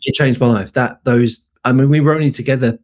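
Animated man telling a story. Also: mid-range voice, brisk. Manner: animated, acts out voices in quotes. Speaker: podcast guest. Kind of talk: storytelling anecdote.

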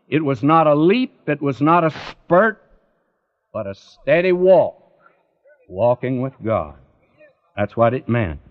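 A man's voice: fairly high pitch, phone-quality sound. A man preaching a Bible sermon, earnestly addressing the listener directly.

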